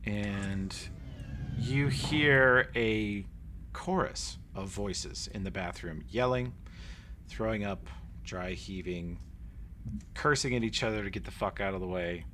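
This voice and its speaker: A man's voice: lowish voice, slow, a bit bright, slight background noise. A man running a tabletop game as game master, narrating scenes vividly and acting out sounds. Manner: vivid, acts out sounds and voices.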